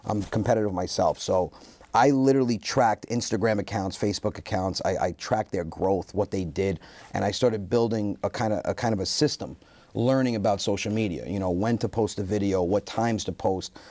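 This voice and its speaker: A man's voice: on the low side, normal speed, no room sound. A man, a comedian guest, telling funny stories in a casual interview and jumping into the voices of the people he quotes. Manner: animated, acts out quoted voices.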